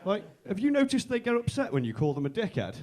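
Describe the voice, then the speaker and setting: A brash young man tells stand-up stories on a comedy club stage. His voice sits a bit high for a man. He swears freely and acts out his mates' lines. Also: wildly swooping pitch, quick pace, very noisy. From Manchester, England. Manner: brash storytelling, swearing, acting out quoted friends. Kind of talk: stand-up set.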